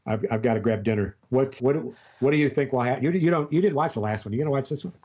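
An older man, a grandfather, telling a long rambling story in casual chat over a call, with halting restarts. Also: medium pitch, a little mellow, muffled recording, slight background noise.

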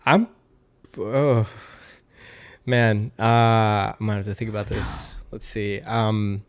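A man's voice: lowish voice, fairly even intonation, slow, clear, resonant tone. A man as a podcast guest, chatting casually and thoughtfully, with many restarts and fillers.

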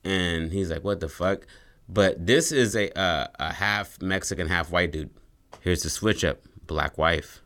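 A man chatting casually on a podcast, pitching a story idea in loose, slangy, profane language. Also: a little slow, a bit bright.

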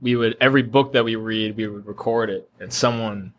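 A man's voice: lowish voice, steady tone, fairly quick, slight background noise. A young man co-hosting a podcast, chatting casually and stumbling over restarts. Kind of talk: casual chat.

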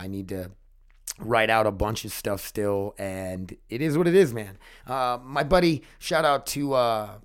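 A man chatting casually to his viewers in a rambling, excitable way, swearing freely. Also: on the low side, smooth. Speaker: vlogger. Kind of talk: casual chat to camera.

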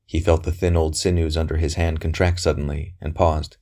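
A man reading a historical novel aloud in a measured, even storytelling manner. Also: rumbling low. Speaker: audiobook narrator. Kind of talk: scripted narration of a novel.

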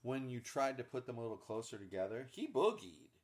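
A man co-hosting a podcast in casual chat, telling animated stories about his pets. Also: mid-range voice, a little fast. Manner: animated storyteller, acts out pets' thoughts in silly voices. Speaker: podcast co-host.

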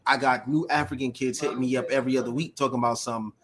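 A man's voice: medium pitch, quick pace, slight background noise. A man, a podcast guest telling stories in casual chat, full of slang and fillers. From Brooklyn, New York. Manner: animated storyteller, heavy slang and fillers. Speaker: podcast guest, cosplay creator.

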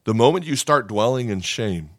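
A man preaching a sermon as pastor, in a conversational, animated way, sometimes acting out voices. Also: mid-range voice, moderate pace, no room sound, studio quality.

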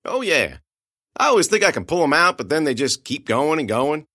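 A man's voice: on the high side, big pitch swings, fairly quick, pushed and bright, dry recording, studio quality, pitched above the performer's own voice, exaggerated voice. Blunt folksy farm girl, read by a man.

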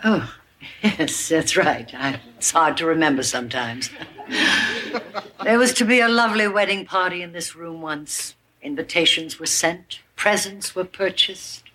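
A woman's voice: fairly low pitch, expressive, unhurried, bright, forceful tone. An actress playing a sardonic, imperious elderly mother in a 1970s sitcom, with a dry, cutting, theatrical delivery. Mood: wistful. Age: older.

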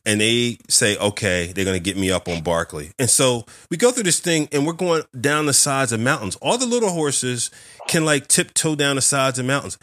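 A man hosting a podcast interview, telling a story in a lively, animated way and acting out the voices in it. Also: mid-range voice, moderate pace, no echo. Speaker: podcast host. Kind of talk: casual interview chat.

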